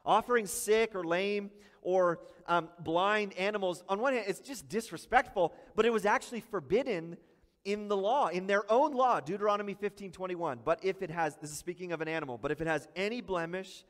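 A man's voice: high-pitched, in a large hall. A male pastor preaching a sermon in a conversational way, acting out short asides.

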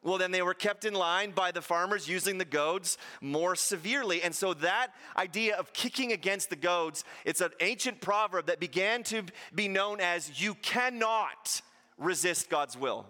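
A male pastor preaches with animated energy, slipping into the voices of the people he quotes. His voice sits high and sounds bright and forceful. A long hall reverb trails each phrase. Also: normal speed, few pauses. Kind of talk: sermon.

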